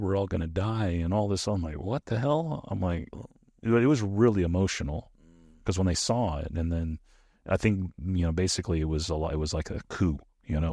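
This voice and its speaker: A man's voice: low-pitched, no room sound, clean studio sound. A middle-aged American man, a former soldier, telling stories casually in an interview and acting out the dialogue. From United States. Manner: animated storyteller, acts out quoted dialogue.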